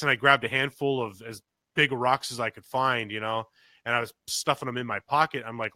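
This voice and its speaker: A man's voice: mid-range voice, fairly even intonation, quick pace, pushed and bright, dry recording. A man co-hosting a podcast, telling a story casually and acting out quotes with big jumps in his voice. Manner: swears casually, many restarts. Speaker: podcast co-host.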